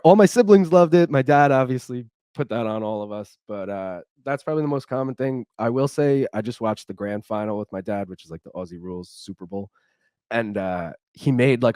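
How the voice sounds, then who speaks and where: A man's voice: mid-range voice, brisk, darkish tone, dry recording, clean studio sound. A young man, a podcast guest, chatting casually in a laid-back way, saying "dude" and "like" a lot. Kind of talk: casual chat.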